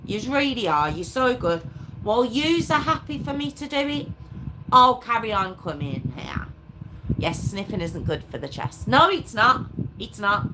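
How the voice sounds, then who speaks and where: A woman's voice: on the high side, very animated, measured pace. A woman hosting a live stream, chatting casually with her viewers in a rambling, self-mocking way. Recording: clear background noise with clicks.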